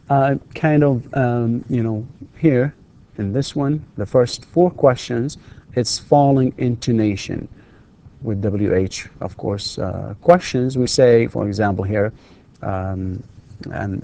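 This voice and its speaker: Slow, deliberate male English lecturer. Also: medium pitch, mellow. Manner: deliberate, repeats drill questions for learners; hesitant, many fillers. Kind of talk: recorded classroom lecture.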